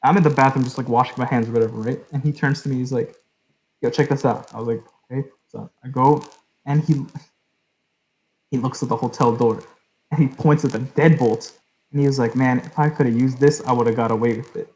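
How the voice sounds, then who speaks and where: A man's voice: mid-range voice, steady tone, brisk, darkish tone, rough recording. A young adult man hosting a podcast, telling a long story in a loose, rambling way, leaning on "like" and "right?". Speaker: podcast host. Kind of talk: casual storytelling.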